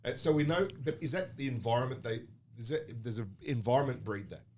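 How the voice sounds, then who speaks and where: A man's voice: mid-range voice, animated, a little fast, a little mellow, slight background noise. A man co-hosting a casual podcast, laid-back and asking questions with frequent agreement. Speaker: podcast co-host.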